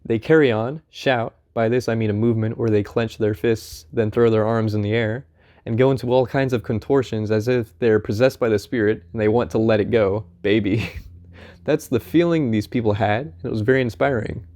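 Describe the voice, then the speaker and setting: A man reading a first-person memoir aloud in an unhurried, conversational storytelling manner. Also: mid-range voice, steady tone, a little mellow. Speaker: audiobook narrator.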